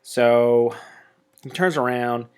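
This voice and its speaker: A man narrating a tabletop wargame battle report in a casual, chatty way, with excitable jokey asides. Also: mid-range voice, takes it slowly, clean tone.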